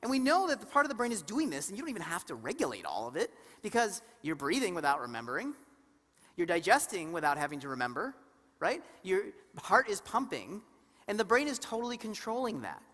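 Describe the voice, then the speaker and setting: Bright-voiced woman teaching in a reverberant hall. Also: mid-range voice, brisk. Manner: animated, questions the audience, acts out stories. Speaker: seminar co-presenter. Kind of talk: live seminar teaching. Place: conference hall before an audience.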